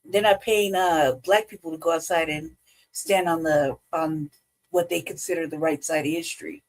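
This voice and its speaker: A middle-aged woman giving blunt, profane political commentary on a talk show, often breaking into laughter and animated asides. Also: low voice, normal speed. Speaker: podcast co-host.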